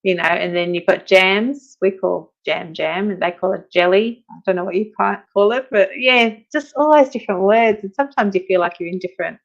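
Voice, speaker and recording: A woman's voice: medium pitch, fairly quick, gravelly, few pauses, highs cut off. A woman chatting casually on a live stream as a guest, reading out viewer comments and talking about her own progress.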